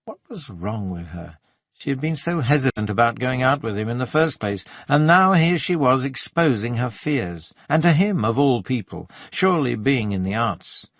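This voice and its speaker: A man reading an audiobook in scripted narration, with a measured, even delivery. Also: mid-range voice, no echo.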